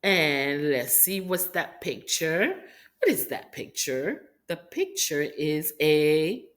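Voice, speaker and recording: A woman's voice: deep voice, sing-song, slow pace. A woman from Haiti teaching rhyming sounds to young children in an encouraging, sing-song teacher manner. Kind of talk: phonics lesson for young children.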